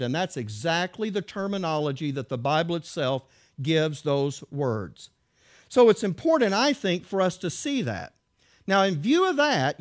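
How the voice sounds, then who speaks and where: A man preaching a sermon in an emphatic way, reading verses aloud and repeating key words with rhetorical questions. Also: a little high.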